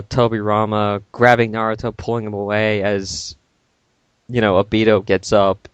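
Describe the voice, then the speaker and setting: A man recapping in casual podcast chat, animated and joking as he acts out bits. His voice is recorded close and dry, with no room sound. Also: fairly low pitch, clean tone, dry recording, highs cut off. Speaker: podcast co-host.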